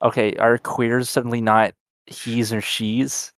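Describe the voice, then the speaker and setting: A man's voice: medium pitch, flat delivery, unhurried, fairly bright tone, no echo, studio quality. A young man co-hosting a podcast, teasing and arguing his points in casual banter. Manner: teasing, argumentative. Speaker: podcast co-host.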